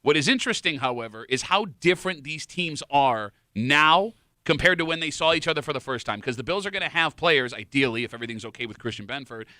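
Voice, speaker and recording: A man's voice: medium pitch, expressive, fast, hardly any pauses, bright, forceful tone, no echo, clean studio sound. A man hosting a sports radio show, running the segment and teasing his co-hosts.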